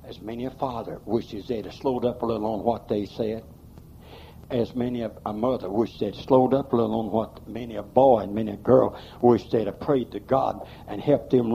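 A man's voice: medium pitch, steady tone, moderate pace, creaky, dark tone, highs cut off, a little hiss or hum. A man preaching a sermon in a church, emphatic and folksy, with plain rural grammar. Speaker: pastor.

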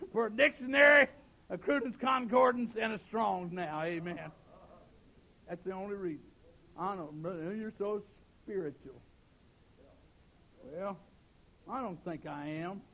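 A man preaching a fiery revival sermon, shouting some passages and dropping to a hush on others, peppering his talk with "amen.". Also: high-pitched, creaky. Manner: shouting preaching, swinging from loud to hushed; folksy, sprinkled with "amen".

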